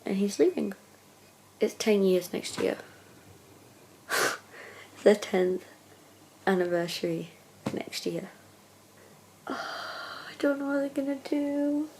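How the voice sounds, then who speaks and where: A young English woman talking casually in a video diary, gushing and excitable, often sighing and sometimes dropping to a hushed near-whisper. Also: medium pitch, slow, pauses often, slight background noise. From England. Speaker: vlogger.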